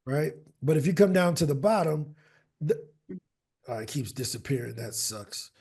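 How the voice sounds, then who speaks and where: A man's voice: fairly high pitch, lively intonation, normal speed, vocal fry, darkish tone, husky. A man in casual video call chat, upbeat and walking someone through his screen share. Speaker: speaker platform representative.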